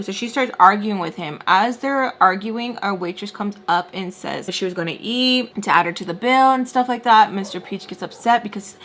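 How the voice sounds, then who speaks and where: A young woman in her twenties telling a story casually while doing her makeup, acting out quotes with lively pitch jumps and dropping to whispers. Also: normal speed, few pauses, slight background noise. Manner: animated, acts out quotes with shifting pitch and whispers. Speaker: storytime vlogger.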